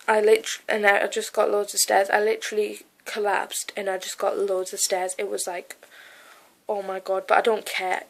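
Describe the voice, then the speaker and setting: A woman's voice: mid-range voice, vocal fry, poor audio. Young woman, teenage vlogger, rambling and gushing, filler-heavy chatter, webcam in a bedroom. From United Kingdom. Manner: gushing, rambling, lots of "like" and "oh my God". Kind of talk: casual vlog recounting a concert.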